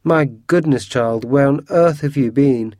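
A man's voice: fairly high pitch, lively intonation, measured pace, dry recording, studio quality, pitched above the performer's own voice. A man voicing a cross, relieved middle-aged father, exclaiming in a storybook reading.

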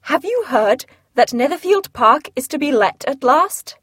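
A woman reading aloud and putting on the voice of an excitable, fretful middle-aged mother, high and emphatic. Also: unhurried, no echo, studio quality. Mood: excited.

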